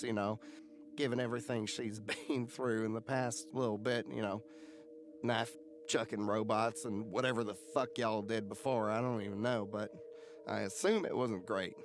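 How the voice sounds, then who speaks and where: A man's voice: fairly high pitch, lightly acted. A man voicing a frazzled but kind male ship's cook who rambles and swears casually.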